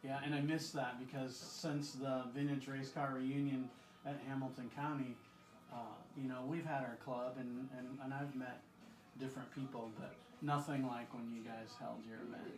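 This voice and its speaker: A man's voice: mid-range voice, flat delivery, normal speed. An enthusiastic man interviews a guest in a casual, upbeat way, tripping over and repeating words. The sound is roomy and echoey, as in an open shop. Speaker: interviewer, event organizer. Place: a shop, indoors.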